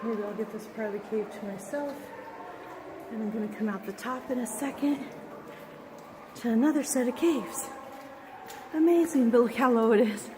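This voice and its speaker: A woman vlogging on a phone as she hikes through caves and woods, talking excitedly to the camera and out of breath at times. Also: a little high, moderate pace, pauses often, background noise. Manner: chatty, excited, talking to camera while walking. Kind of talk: casual hiking vlog. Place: outdoors in caves and forest. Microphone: phone held while walking.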